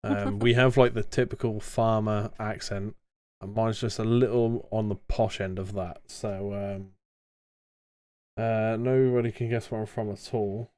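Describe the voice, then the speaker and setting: A young man with a southern English accent chats as a podcast host, his voice low and smooth. He reads out viewer questions in a loose, rambling way, full of "um"s and restarts. The sound is dry and close. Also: steady tone, a little slow, darkish tone, no echo. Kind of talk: casual live-stream podcast chat.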